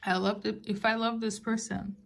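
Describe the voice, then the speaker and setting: A woman doing a tarot-style card reading for her viewers, at an ordinary middle pitch. She muses softly and loosely, with fillers and gentle little check-ins. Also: little pitch movement, normal speed, gravelly. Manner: soft, musing, with fillers and gentle reassurances. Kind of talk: casual spoken oracle reading.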